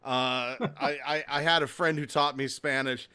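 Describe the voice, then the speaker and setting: Male podcast host, bright tone, jokey, chatty with the chat. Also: medium pitch, fairly even intonation, measured pace, clean tone. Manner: jokey, reads chat comments aloud.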